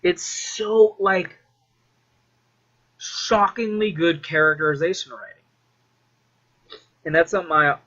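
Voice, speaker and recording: A man's voice: fairly high pitch, bright, forceful tone, muffled recording. A man casually rambling about a video game he loves, full of fillers, restarts and swearing.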